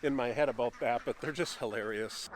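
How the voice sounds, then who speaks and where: A man vlogging outdoors on his farm, talking casually to the camera and gently chatting to his cats, ducks and geese. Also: mid-range voice, fairly quick, a little hiss or hum. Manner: chats softly to his animals. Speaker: homesteading vlogger. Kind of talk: casual farm vlog talk.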